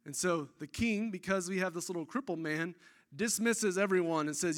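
A man preaching a sermon, telling a scripture story in an animated, excitable way with casual asides. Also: high-pitched, moderate pace.

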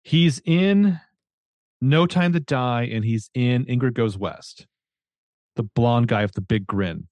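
A man's voice: medium pitch, lively intonation, takes it slowly, darkish tone, dry recording. Man casually recapping a novel. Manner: chatty recap with fillers, reads dialogue aloud. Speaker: book podcast co-host.

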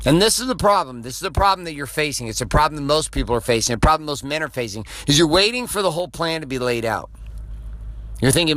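A man's voice: on the high side, expressive, fast, a bit bright. A middle-aged man delivering an intense, preachy motivational podcast monologue, swearing freely.

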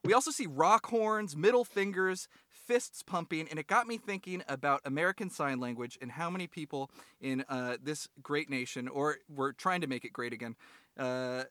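A young man with a bright, pushed-forward voice, rambling through jokes and stories as a podcast co-host. He keeps dropping into silly voices to act out quotes, and his sound is dry and close with no room around it. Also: fairly high pitch, moderate pace, dry recording. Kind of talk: casual comedic chat.

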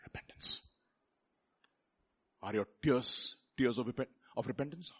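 A man preaching a sermon, swinging from loud exclamations to soft asides and putting questions to his listeners. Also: medium pitch, measured pace, pauses often, husky.

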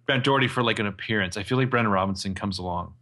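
A man's voice: on the low side, very fast. A man co-hosting a casual podcast, joking and swearing as he discusses a TV show. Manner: relaxed, jokey, swears. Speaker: podcast co-host. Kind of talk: casual chat.

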